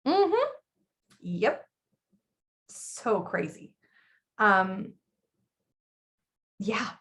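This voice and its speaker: A woman in her thirties co-hosting a casual chat, blunt and chatty with quick laughs. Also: medium pitch, big pitch swings, a bit bright. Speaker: podcast co-host.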